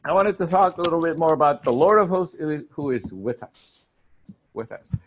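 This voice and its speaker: Male pastor, sermon, casual asides and restarts, somewhat high voice. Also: lively intonation, fairly quick, a little hiss or hum. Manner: conversational, with filler words and restarts.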